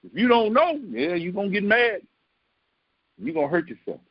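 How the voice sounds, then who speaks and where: High-voiced man preaching emphatically. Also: sing-song, moderate pace, no echo, highs cut off. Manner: emphatic, conversational preaching with repeated phrases. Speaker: pastor. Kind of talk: sermon.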